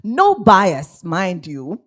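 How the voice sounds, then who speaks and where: A Jamaican woman pastor addresses an awards audience in a church, pulling them into call and response. Her voice sits a little low, and her pitch leaps and dips with expression. She speaks at a slow, deliberate pace. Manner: animated, engages the audience, asks for call and response. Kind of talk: lively speech at an awards ceremony. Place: church hall.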